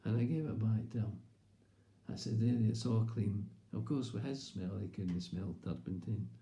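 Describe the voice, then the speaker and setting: Rambling Scottish man, dark voice. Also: lowish voice, moderate pace. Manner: rambling, chatty. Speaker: comedian. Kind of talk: comic storytelling. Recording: roomy echo.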